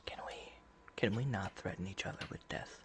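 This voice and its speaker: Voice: sits low, fairly quick, a bit bright, in a whisper. A player speaking in character during a tabletop game, flustered and pleading at times.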